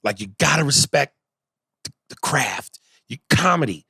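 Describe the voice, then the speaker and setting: A man co-hosting a podcast in casual chat, animated, swinging from loud outbursts to low mutters. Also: a little slow, vocal fry, slightly rough, dry recording, clean studio sound. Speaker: podcast co-host.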